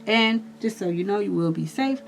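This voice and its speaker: Brief: woman tarot reader, chatty and reassuring, talks straight to viewers, soft music underneath. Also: medium pitch, lively intonation, moderate pace, vocal fry. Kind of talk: casual astrology reading.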